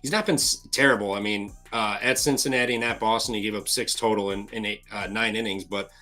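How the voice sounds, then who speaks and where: A man co-hosting a live betting show, laid-back and joking as he runs through a pitcher's stats. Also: steady tone, a little fast, pushed and bright. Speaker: sports betting co-host. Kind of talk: casual live-stream betting talk.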